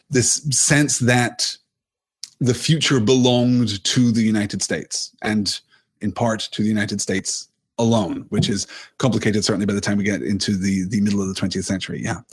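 A man giving a thoughtful film analysis, often rephrasing himself mid-sentence and stressing key points with lively emphasis. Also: lowish voice, slightly rough. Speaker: film commentator.

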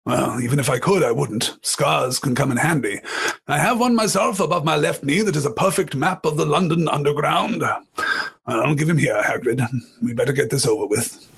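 A man voicing a calm, wise old male wizard headmaster from a storybook, speaking in a measured, unhurried way with a husky voice. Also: fairly high pitch, heavily acted.

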